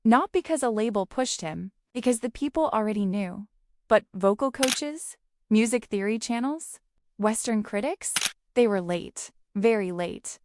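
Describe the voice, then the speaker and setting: A woman's voice: a little high, expressive, unhurried. Dramatic woman narrator, noisy recording. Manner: dramatic, clipped emphatic phrases. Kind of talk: scripted narration. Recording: clear background noise.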